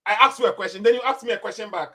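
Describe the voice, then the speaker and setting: Man debater, pushy and persistent, high and quick. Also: bright, forceful tone. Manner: insistent, repeats his questions. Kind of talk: heated religious debate.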